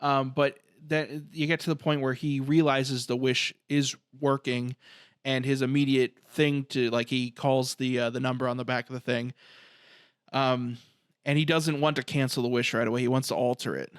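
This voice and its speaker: A man's voice: mid-range voice, flat delivery, moderate pace, clear, resonant tone, no room sound. Rambling man on a dry close mic. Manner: rambling, many restarts and fillers. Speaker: podcast co-host. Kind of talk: casual film discussion.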